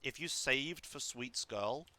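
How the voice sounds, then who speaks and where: A man casually coaching someone through a game run, relaxed and instructive, with lots of fillers. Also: medium pitch, slow pace. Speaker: streamer coaching a speedrun.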